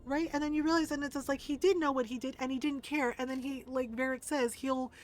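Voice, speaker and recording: A woman's voice: high-pitched, steady tone, fast, slight background noise. A woman streamer in casual commentary, ranting emphatically and swearing a lot. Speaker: game streamer.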